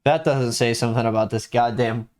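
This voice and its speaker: A man hosting a livestream in casual chat, sarcastic and often jumping into high mock-excited tones. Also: a little fast, slight background noise. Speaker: streamer hosting.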